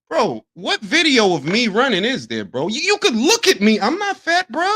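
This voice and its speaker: A man in his fifties with a high, bright voice, heated and profane as he rants in casual chat. His pitch swings widely and his tone has a sharp edge. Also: huge pitch swings, normal speed, few pauses. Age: 50s. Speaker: podcast co-host.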